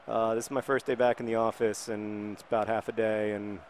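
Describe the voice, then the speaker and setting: A man's voice: fairly low pitch, brisk, slight background noise. A man in his thirties giving rambling, wry commentary on a video game while worn out and recovering from illness. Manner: wry, rambling, bursts into excited shouting. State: recovering from illness, low energy. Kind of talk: casual gameplay commentary.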